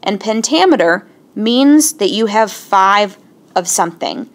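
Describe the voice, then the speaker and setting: A woman's voice: mid-range voice, animated. Patient woman teaching a lesson. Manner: clear and patient, slows to sound out syllables. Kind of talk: explaining a lesson.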